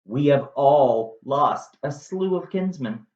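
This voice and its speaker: A grave prince, as a man puts him on, solemn and slow. The sound is roomy and slightly muffled. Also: mid-range voice, animated, a little mellow. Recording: roomy, slightly dull recording.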